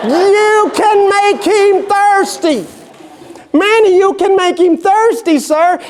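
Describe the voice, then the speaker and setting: A man voicing a loud, boisterous East Texan rancher who hollers and laughs through his words. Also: extremely high pitch, voice pushed up, exaggerated voice.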